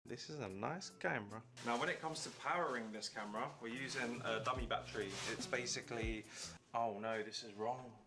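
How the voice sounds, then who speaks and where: A man's voice: mid-range voice, fairly quick. A man presenting a gaming setup video, joking and running through gear in a casual way. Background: music.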